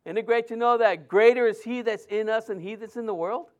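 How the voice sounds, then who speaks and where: A middle-aged man preaching a sermon, telling a personal story in a lively way with many restarts and fillers. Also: high-pitched, fairly quick, muffled recording.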